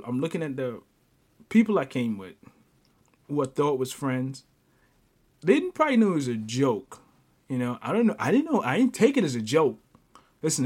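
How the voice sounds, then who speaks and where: A man hosting a podcast, telling a personal story off the cuff. He talks in an animated way, stumbles over restarts and keeps breaking into laughter. His voice sits at an ordinary middle pitch. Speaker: podcast host. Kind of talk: casual storytelling.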